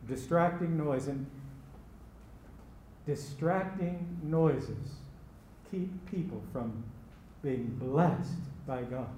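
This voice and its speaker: A man preaching a sermon as pastor, slow and emphatic, repeating key phrases. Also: medium pitch, warm tone, slight background noise. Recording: echoey room with faint ambience.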